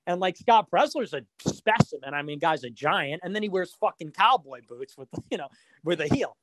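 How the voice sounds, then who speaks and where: A man's voice: on the high side, lively intonation, moderate pace, fairly bright tone. A man hosting a casual podcast chat, rambling and profane, with frequent fillers and mocking asides.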